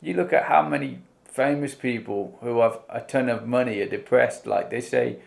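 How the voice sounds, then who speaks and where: A man's voice: medium pitch, moderate pace, creaky. A man from the UK talking casually and enthusiastically as he reacts to a song and goes through its lyrics, with lots of fillers. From United Kingdom. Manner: enthusiastic, rambling, many fillers. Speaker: music reaction host.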